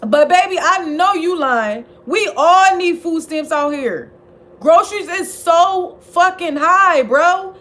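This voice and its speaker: A high-pitched woman talks straight to her viewers in a loose, profane commentary vlog. She is sassy and blunt, and she scolds the people she discusses. She swings between mocking outbursts and quiet asides. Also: animated, slow. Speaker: commentary channel host. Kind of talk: casual profane gossip commentary.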